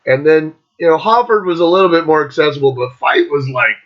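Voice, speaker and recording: A man's voice: on the high side, lively intonation, brisk. A man hosting his own show, talking in a loose, rambling, casual way with constant swearing and fillers. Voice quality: heavy swearing, loose filler-laden talk. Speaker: host. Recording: lo-fi dull recording.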